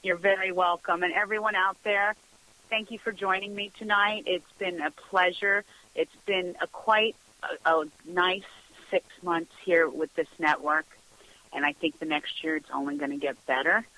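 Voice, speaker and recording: A woman's voice: on the low side, fairly even intonation, moderate pace, bright, forceful tone, rough recording. A middle-aged woman hosting a radio talk show, chatting casually, laughing often and acting out quoted dialogue. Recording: radio broadcast sound.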